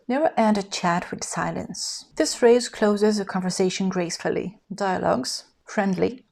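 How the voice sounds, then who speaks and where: Modeling example phrases for the learner, a female English teacher follows a script in a clear, even instructional tone. Her voice is mid-range, her pace moderate, and she pauses little.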